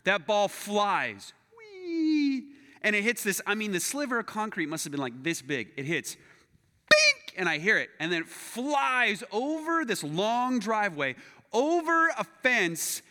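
A man preaching as a pastor, telling a personal story with self-deprecating humor and acting it out with lively voices. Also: high-pitched, normal speed. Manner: animated, acts out his own story with self-deprecating humor. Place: church sanctuary. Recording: long hall reverb.

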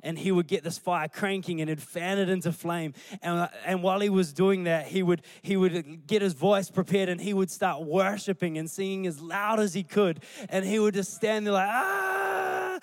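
A man, a pastor preaching a sermon through animated storytelling. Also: high voice, no echo. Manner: animated storytelling, acting out scenes.

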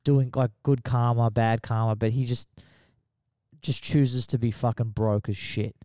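A man's voice: medium pitch, steady tone, a little slow, dark tone, dry recording, clean studio sound. A young man, telling a rambling story in casual chat, swearing and laughing often.

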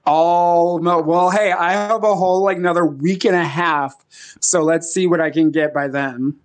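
Playful high-voiced male guest. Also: fairly even intonation, moderate pace. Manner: playful, wry. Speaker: podcast guest. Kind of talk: casual chat.

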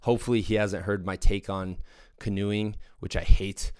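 Young male podcast host, deep smooth voice, dry close sound, eager casual rambler. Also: fairly even intonation, moderate pace, a little mellow, dry recording. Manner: enthusiastic, rambling with fillers. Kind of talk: casual monologue.

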